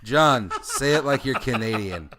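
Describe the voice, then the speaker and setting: A man's voice: mid-range voice, animated, a little slow, crowd noise. A man co-hosting a podcast, joking about accents and video games in casual chat. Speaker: podcast co-host.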